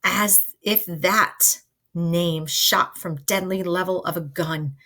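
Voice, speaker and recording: A woman's voice: fairly low pitch, steady tone, slow, bright, forceful tone, exaggerated voice. A woman voicing an anguished young man stricken with grief, asking desperate questions in a dramatic reading of a play.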